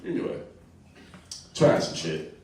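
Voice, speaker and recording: A man's voice: slow pace, a little mellow, a little hiss or hum. A man doing open-mic stand-up, loose and profane, with many rhetorical asides. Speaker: stand-up comedian. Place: comedy club stage. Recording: very echoey room, distant mic.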